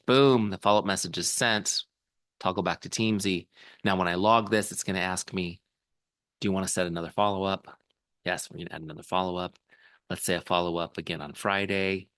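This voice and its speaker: A man with a fairly low voice runs a lively training session over a video call, coaching his listeners with energy. He keeps checking that they follow along. The sound is dry and close, with no room echo. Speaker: software founder training a sales team.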